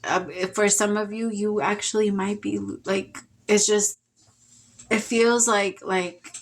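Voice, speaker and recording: A woman talks through a tarot reading in a loose, heartfelt way. She rambles and restarts, sighing now and then as she speaks. Her voice sits at an ordinary middle pitch. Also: steady tone, slow pace. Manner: emotional, rambling, with sighs and laughs. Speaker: tarot reader. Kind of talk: casual spoken tarot reading.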